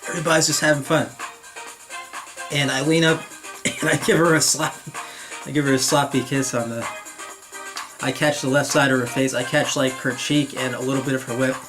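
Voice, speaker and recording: A man's voice: medium pitch, flat delivery, normal speed, pauses often, music in the background. A young man from northern New Jersey with a New Jersey accent, telling a long rambling story to camera, stumbling over and repeating words and laughing to himself. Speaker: vlogger.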